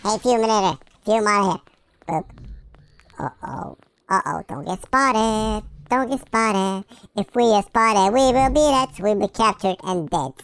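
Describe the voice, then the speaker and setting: A gamer doing let's play commentary through a chipmunk pitch-shift, goofy and excitable, with silly sound effects and nonsense chatter. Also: a little slow, vocal fry, heavy background noise.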